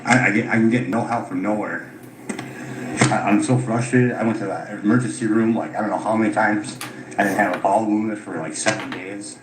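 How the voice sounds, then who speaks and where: A man's voice: lowish voice, steady tone, fairly quick. A tired, frustrated man recounting his grievances, swearing often as he talks. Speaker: caller telling his story. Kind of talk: unscripted recorded account. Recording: echoey room with loud background noise.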